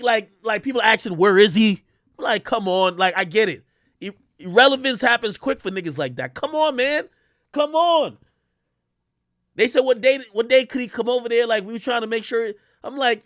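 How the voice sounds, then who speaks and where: A man's voice: very high voice, normal speed, a bit bright, no room sound, clean studio sound. A man, talking on a casual livestream in a boastful, teasing way. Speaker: streamer.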